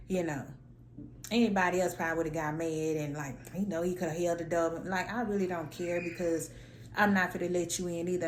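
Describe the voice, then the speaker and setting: A woman vlogger telling a story in a sassy, animated, slangy way, acting out her own lines. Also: lowish voice, reverberant, a little hiss or hum. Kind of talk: casual storytelling rant.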